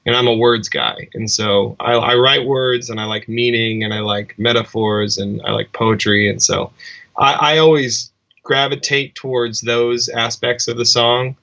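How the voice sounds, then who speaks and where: Male musician guest, bright tone, muffled lo-fi sound. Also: medium pitch, level tone, measured pace, gravelly. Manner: reflective, rambling with restarts. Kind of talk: casual interview chat.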